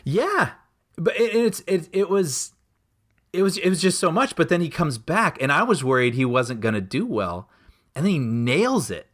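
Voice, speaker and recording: A man's voice: on the high side, big pitch swings, normal speed, fairly bright tone. A man co-hosting a podcast, chatting casually and enthusiastically about a movie, laughing often and acting out scenes. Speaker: podcast co-host. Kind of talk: casual film discussion.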